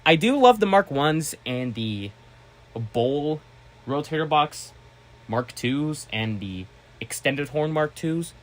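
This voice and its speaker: Here the vlogger speaks slowly, yet he's still highly excitable, his pitch bouncing all over the place as he chats informally with his audience. Sentences get abandoned and begun again, he wanders off topic, and loud outbursts come out of nowhere.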